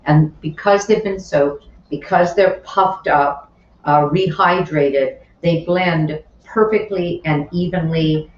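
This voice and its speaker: A woman's voice: low-pitched, slow pace. A woman leads a cooking demonstration, talking unhurriedly through each step with friendly asides. She sounds a little far from the mic in a roomy kitchen, with a dull tone and faint clatter of pots and dishes behind her. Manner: chatty, explains each step while working, with asides. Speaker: cooking instructor. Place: home kitchen.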